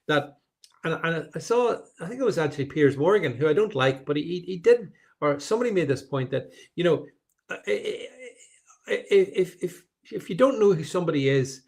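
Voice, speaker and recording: A man hosting a show, giving emphatic, opinionated political commentary and reading out viewer comments, often stumbling and repeating words as he builds up steam. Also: fairly high pitch. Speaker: show host.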